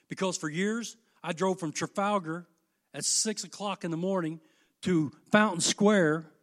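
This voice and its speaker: A middle-aged preacher delivers a sermon in a voice pitched a little high for a man. He talks in a folksy way and drops to hushed, confiding lines before building to loud, fervent peaks. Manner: impassioned and folksy, swinging between hushed and loud emphatic peaks.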